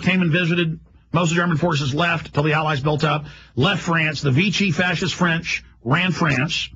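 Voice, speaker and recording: A man hosting a radio show, delivering a rapid, emphatic, rambling monologue. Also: fairly high pitch, fairly bright tone, slightly rough, lo-fi sound.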